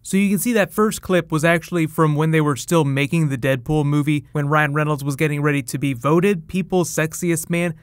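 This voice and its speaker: A man talks through movie news in a chatty, enthusiastic commentary, tossing in quick asides. His voice sits fairly high, and the recording is close and dry with no room sound. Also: steady tone, no room sound. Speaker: host.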